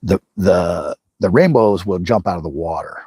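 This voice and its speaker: A man's voice: low voice, moderate pace, warm tone, husky, no room sound, studio quality. A man hosting a fishing livestream from a lake, chatting casually and rambling with folksy restarts. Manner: rambling and folksy, restarts words, speaks directly to viewers. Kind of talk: casual live chat while fishing. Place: lake outdoors.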